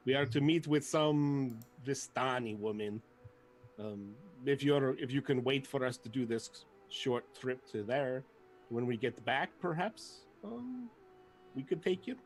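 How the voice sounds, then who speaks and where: A man voicing a brash, cocky warrior who speaks in a pompous, booming, old-fashioned way. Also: expressive, a little slow, lightly acted, poor audio.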